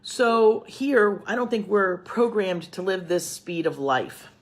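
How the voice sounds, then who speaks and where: A woman's voice: mid-range voice, animated, slow pace. A middle-aged woman who teaches cooking, talking to camera at home in a chatty, rambling, upbeat way. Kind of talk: casual talk to camera.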